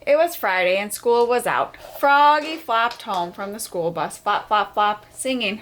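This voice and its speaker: A woman hosting a children's storytime, reading a picture book aloud with expressive sound effects. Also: medium pitch, a little slow, few pauses, slight background noise. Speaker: storyteller host.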